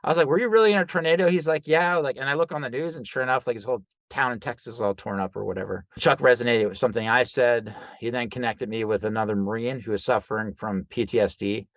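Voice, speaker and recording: A man, a guest coach, telling stories in a loose, conversational way, acting out quoted dialogue with lively jumps in voice. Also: fairly low pitch, fast talker, few pauses, no echo. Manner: animated, acts out quoted dialogue; loose, conversational with fillers like right and like. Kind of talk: casual storytelling in an interview.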